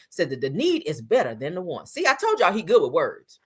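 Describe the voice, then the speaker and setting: Sassy husky woman dishing reality TV gossip. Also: low voice, very animated, fast talker, hardly any pauses, fairly bright tone. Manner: sassy, blunt, profane, frequent laughter. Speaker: reality TV commentator. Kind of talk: casual commentary on a livestream.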